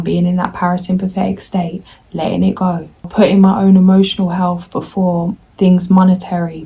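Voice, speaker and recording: Gravelly low-voiced woman vlogging candidly. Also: dark tone, rough recording. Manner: rambling, self-talk in quoted inner voices. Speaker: tarot reader. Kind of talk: candid confessional vlog.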